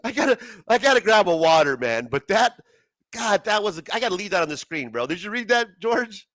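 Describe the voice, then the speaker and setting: A man's voice: high voice, sing-song, fairly quick, fairly bright tone, no echo. A man hosting a casual late-night livestream, swearing a lot and laughing often. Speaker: livestream host.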